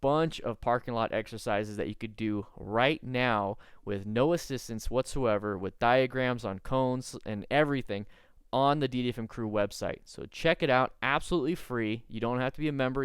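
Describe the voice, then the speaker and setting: A man talks through a riding mistake in casual video commentary, teaching like a coach who is trying hard not to laugh. His voice is smooth and resonant, and the sound is dry and close, with no room echo. His pitch sits in the middle range. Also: fairly quick. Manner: earnest, instructive, stifling laughter.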